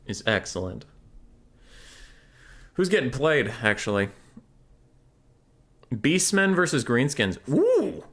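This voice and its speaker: A man's voice: on the low side, fairly bright tone. A young man streaming live game commentary, chatty and answering chat questions aloud. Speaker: tournament caster and streamer. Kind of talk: casual livestream game commentary.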